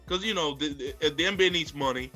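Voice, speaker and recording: Man, high voice, bright tone, hyped and boastful, casual sports chat. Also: fast, soft background music. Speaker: podcast co-host.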